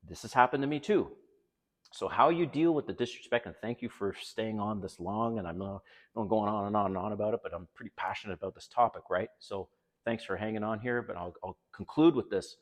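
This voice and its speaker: A middle-aged man with a low voice talks in a loose, candid monologue. He turns animated as he acts out both sides of little exchanges. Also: brisk. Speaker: dating advice channel host. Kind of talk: casual monologue.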